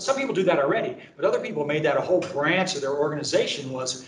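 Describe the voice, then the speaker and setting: A middle-aged man giving a conversational, anecdote-filled training talk with lots of fillers, like a sales pitch. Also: expressive, fast, hardly any pauses, recorded from a distance, slight background noise. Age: middle-aged or older. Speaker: presenter at a training event. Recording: echoey room, speaker away from mic.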